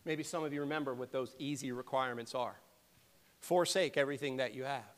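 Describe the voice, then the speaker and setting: A man preaching a sermon, earnest and emphatic, asking the congregation rhetorical questions and often clearing his throat. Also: medium pitch, brisk. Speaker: pastor. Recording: long reverb of a large hall.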